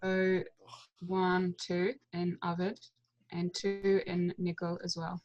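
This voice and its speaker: A woman's voice: fairly low pitch, flat delivery, slow, lo-fi sound. A woman joining an online class over a video call. She answers carefully and works out her answers aloud, unsure at times. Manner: tentative, thinks aloud.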